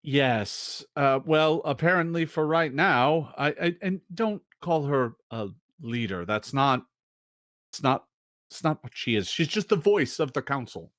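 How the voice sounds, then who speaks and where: A man voicing a prickly female deep gnome guide who hesitates and restarts often. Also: lively intonation, unhurried, fairly bright tone, dry recording, studio quality. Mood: matter-of-fact. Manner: hesitant, full of ums and restarts.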